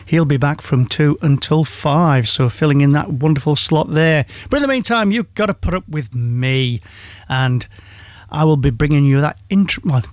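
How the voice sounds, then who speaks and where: A man's voice: a little high, normal speed, no echo, studio quality. A man presenting on local radio, reading the weather and chatting with self-mocking asides.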